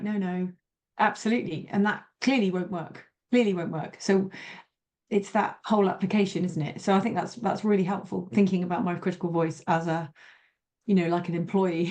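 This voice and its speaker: A woman's voice: lowish voice, mellow. A woman being coached, who talks reflectively and thinks aloud, restarting her sentences as she goes. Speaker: coaching client. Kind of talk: coaching conversation.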